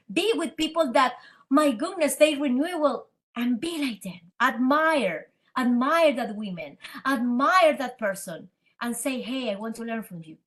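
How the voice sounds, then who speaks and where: A woman with a Spanish accent, a native Spanish speaker, telling her story as a guest in a podcast interview in an animated, dramatic way. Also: sits high. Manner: animated, dramatic, acts out quoted dialogue. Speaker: guest entrepreneur.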